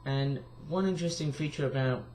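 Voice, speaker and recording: A tired young man with a croaky voice, rambling casually through a vlog with lots of fillers and restarts. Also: a little high, a little fast, a little mellow, slight background noise. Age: young adult. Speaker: vlogger.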